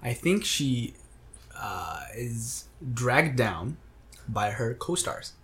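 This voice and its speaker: A man's voice: mid-range voice, very animated, drawn-out words, a bit bright. Young man rambling in casual chat. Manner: rambling, restarts words, joking. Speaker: podcast co-host.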